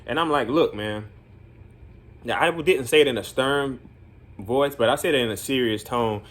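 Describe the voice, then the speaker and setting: A man's voice: mid-range voice, fairly quick, a bit bright. A man working as a group home counselor, telling a story in casual vlog talk, rambling with many fillers and earnest, encouraging asides.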